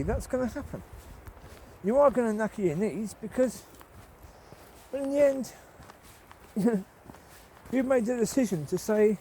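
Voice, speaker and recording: Out walking his dogs in the countryside, a lay Christian vlogger with a lively, high voice muses through a casual spoken devotional. He rambles conversationally and asks listeners tag questions; the low-quality recording has slight background noise.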